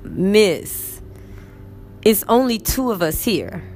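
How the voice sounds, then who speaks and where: A woman's voice: medium pitch, animated, takes it slowly, a little mellow, faint music behind, voice pushed up. A woman doing a wheedling cheeky schoolboy. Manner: wheedling, pleading. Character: cheeky clever schoolboy student, persuasive.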